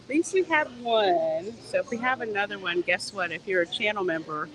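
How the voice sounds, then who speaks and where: A woman's voice: mid-range voice, fairly quick, fairly bright tone, poor audio. A woman, live-streaming a casual, playful walk through a theme park gift shop and talking straight to her viewers.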